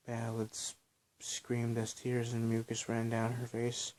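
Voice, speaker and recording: A man reading his own story aloud on a phone recording, halting, with small slips. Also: mid-range voice, completely flat delivery, darkish tone.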